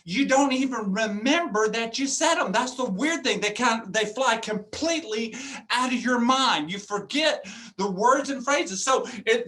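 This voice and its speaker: Bright, high-voiced motivational speaker in his fifties. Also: measured pace. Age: 50s. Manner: energetic, jokey, laughs often. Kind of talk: motivational talk over video call. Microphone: video call.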